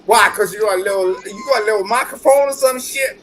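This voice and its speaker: A man's voice: sits high, quick pace, hardly any pauses, over a noisy crowd, rough recording. A drunk man boasting and trading insults in a heated livestream argument, with slurred, combative speech.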